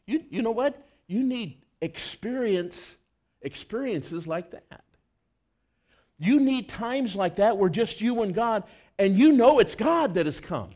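A man delivers a sermon in an earnest, conversational style. He swings between loud emphasis and soft, low passages.

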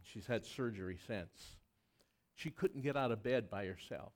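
A man preaching a sermon as pastor, telling personal stories in an earnest, animated way with touches of self-deprecating humor. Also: fairly low pitch, measured pace.

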